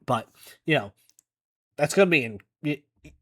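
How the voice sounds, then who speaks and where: A man's voice: on the high side, expressive, moderate pace, no room sound. A man hosting a gaming reaction video, rambling in casual chat full of restarts and fillers. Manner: rambling, many restarts and "you know".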